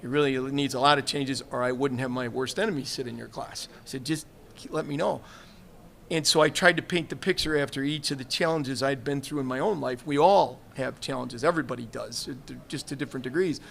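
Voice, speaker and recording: A retired fire chief with a mid-range, creaky, fairly bright voice talks a little fast. Interviewed live on a trade show livestream set, he shares candid personal stories in an earnest, reflective manner, quoting others frequently.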